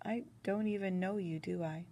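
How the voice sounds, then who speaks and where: A woman's voice: medium pitch, fairly even intonation, normal speed, dark tone, no room sound, close to an everyday voice. A woman reading the part of a suspicious young Russian woman who asks accusing, demanding questions. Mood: probing.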